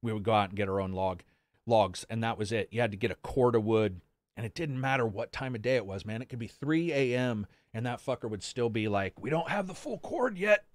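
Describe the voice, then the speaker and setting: A man's voice: fairly low pitch, a little fast, no room sound. A man hosting a casual gaming podcast stream, telling loose, profane stories with lots of laughs and asides. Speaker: podcast host. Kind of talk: casual live-stream chat.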